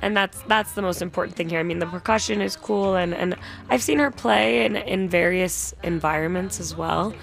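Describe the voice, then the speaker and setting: A woman's voice: fairly low pitch, moderate pace, gravelly. A woman co-hosting a radio music show, thoughtfully searching for words as she talks about singers and songs.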